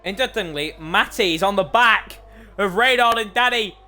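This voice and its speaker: A man commentating live on an online racing league, excitable, his voice climbing whenever an overtake happens. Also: high-pitched, normal speed, soft background music.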